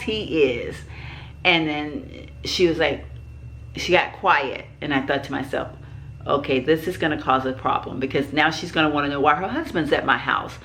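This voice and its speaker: A woman's voice: low-pitched, a bit bright, slight background noise. A middle-aged woman vlogger telling a personal story in a rambling way, with many fillers and restarts.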